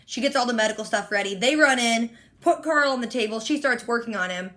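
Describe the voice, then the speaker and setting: A woman giving a casual, animated recap of a TV episode in slangy, excitable storytelling. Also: on the high side, fairly quick. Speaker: TV reaction host.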